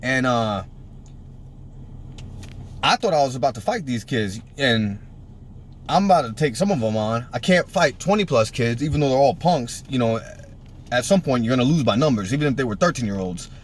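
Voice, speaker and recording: With a medium-pitched voice, a moderate pace, and frequent pauses, a man in his thirties from Puerto Rico tells a casual, profanity-filled story over a little hiss or hum. He gets animated playing the people involved and raises his voice on their lines.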